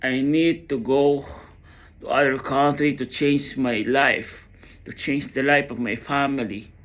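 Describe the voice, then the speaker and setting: A man telling an emotional personal story in a halting, earnest way, often repeating his words. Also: mid-range voice, steady tone, fairly bright tone.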